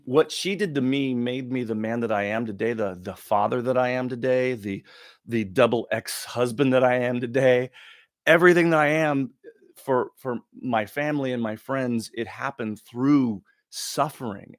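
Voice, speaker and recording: A middle-aged man from Oregon hosting a livestream Q&A, talking in a rambling, confessional way with pauses and restarts. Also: mid-range voice, no echo, clean studio sound. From Oregon, USA. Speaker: livestream host. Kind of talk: casual livestream Q&A monologue.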